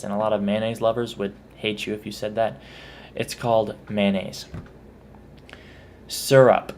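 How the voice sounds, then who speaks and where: Low-voiced Texan man, chatty vlogger. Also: a little hiss or hum. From Texas. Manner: chatty, self-correcting, spells words out letter by letter. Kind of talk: casual accent tag video.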